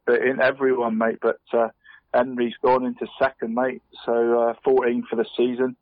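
A man on the radio giving a casual run-through of local football results, halting and restarting, saying "mate" at nearly every turn. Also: medium pitch, dry recording. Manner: chatty, says "mate" constantly, halting restarts. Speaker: radio sports presenter. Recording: phone-line quality radio audio.

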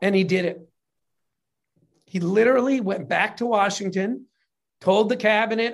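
This is a casual, chatty storyteller who swears freely and throws energy into every beat of the tale. The pitch sits in a middle register. At times the telling turns openly emotional. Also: moderate pace. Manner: animated, profane retelling of a history story; gets emotional while telling it. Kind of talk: casual chat.

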